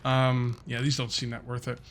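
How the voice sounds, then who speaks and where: Bright-voiced man rambling over gameplay. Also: mid-range voice, monotone, normal speed, slight background noise. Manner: rambling, thinks aloud, mutters to himself. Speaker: gaming video host. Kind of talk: casual gameplay commentary.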